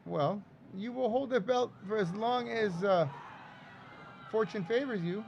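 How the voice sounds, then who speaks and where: A man's voice: high-pitched, unhurried, vocal fry, darkish tone, dull audio, a little hiss or hum. A man hosting and commenting on old wrestling footage in a casual, rambling way, with lots of fillers and jokes. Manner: rambling, filler-heavy, jokey. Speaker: host and commentator.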